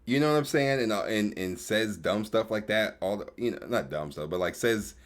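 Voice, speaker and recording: Slangy male streamer, low and animated, casual reaction banter. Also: moderate pace. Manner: laughing, swears freely, slangy.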